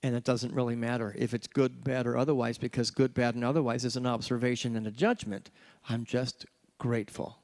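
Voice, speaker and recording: A man of ordinary pitch speaks as a minister guiding a church meditation group. He is reflective and unhurried, drawing out key words as he speaks into a handheld mic. His delivery feels like a thoughtful spiritual teacher. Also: steady tone, darkish tone. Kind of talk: leading a group meditation discussion. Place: church gathering with a live group. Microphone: handheld microphone.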